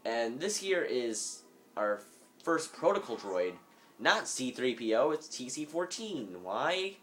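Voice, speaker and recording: A man's voice: medium pitch, big pitch swings, takes it slowly, a bit bright, soft background music. A man giving rambling, jokey commentary over a video game, sometimes in a mock-businesslike tone, recorded on a phone microphone. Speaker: let's play gamer. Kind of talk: casual gameplay commentary.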